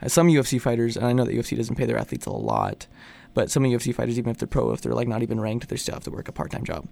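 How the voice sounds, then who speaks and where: A young man talks fast in a relaxed podcast chat, his voice gravelly and full of fry. He keeps tossing in "dude" and "like" as he talks about his fighting. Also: mid-range voice. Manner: chatty, says dude and like a lot. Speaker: MMA fighter guest.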